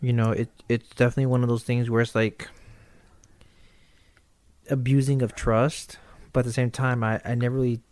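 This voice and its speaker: A man's voice: medium pitch, level tone, normal speed, pauses often, a little mellow, no room sound. A man as a podcast guest in casual chat, answering in a laid-back, reflective way and giving advice.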